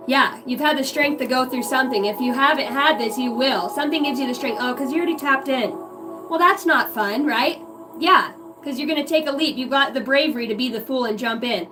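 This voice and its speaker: A woman's voice: high-pitched, brisk, distant mic, over music. A woman giving a rambling, profane channeled reading to her viewers, free-associating and giggling at herself. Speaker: psychic reader on a livestream.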